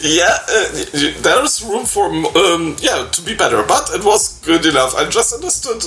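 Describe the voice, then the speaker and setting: A man's voice: high voice, very animated, moderate pace, roomy sound, poor audio. German guy co-host, hesitant english, voice jumps around a lot. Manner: hesitant, searching for words, laughs often. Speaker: radio co-host. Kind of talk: casual radio chat.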